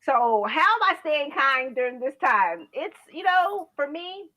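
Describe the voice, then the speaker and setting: A woman's voice: high voice, big pitch swings, measured pace, pushed and bright. A woman speaking as a guest over a video call, telling her story in an earnest, chatty way with frequent "you know"s. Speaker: guest, founder of a kindness initiative. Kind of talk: casual interview monologue. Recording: dull lo-fi video call audio.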